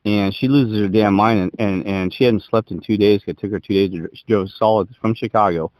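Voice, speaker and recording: Male co-host, low voice and fast delivery, rambling storyteller who keeps restarting his sentences. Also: darkish tone, dry recording. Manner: rambling, self-interrupting, emphatic. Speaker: podcast co-host. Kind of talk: casual chat, rambling storytelling. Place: Colorado.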